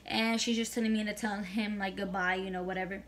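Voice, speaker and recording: A woman's voice: mid-range voice, fairly even intonation, brisk, a bit bright. A young woman vlogger telling a casual storytime monologue, chatty and full of swearing, slipping in Spanish phrases.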